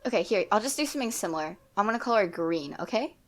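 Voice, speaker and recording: A teenage girl in a casual podcast chat, telling a school story with hesitant, trailing pauses. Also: medium pitch, animated. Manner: hesitant, trails off, thinks aloud. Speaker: podcast co-host.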